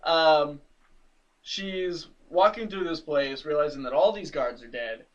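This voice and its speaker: Animated man recapping a comic. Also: on the high side, unhurried, far from the mic, dull audio. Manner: animated, laughs often, acts out characters' lines. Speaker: podcast co-host. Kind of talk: casual chat, recapping a comic.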